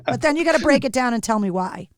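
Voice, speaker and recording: Upbeat woman hosting, clear voice. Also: high-pitched, expressive, fast, no echo, studio quality. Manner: upbeat, teasing questions. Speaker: podcast host. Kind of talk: casual interview chat.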